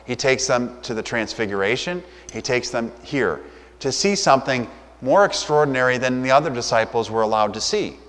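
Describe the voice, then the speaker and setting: A male pastor delivers a sermon in an easy, conversational manner, now and then slipping into short acted-out quotes. His voice sits in an ordinary middle pitch. It rings out with the long reverb of a church hall. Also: expressive, moderate pace, fairly bright tone.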